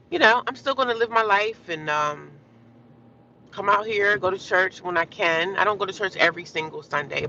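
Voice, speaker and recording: A woman's voice: medium pitch, gravelly, pushed and bright, dull audio, slight background noise. A woman from New Jersey live-streaming, bluntly ranting at trolls and chatting casually with viewers.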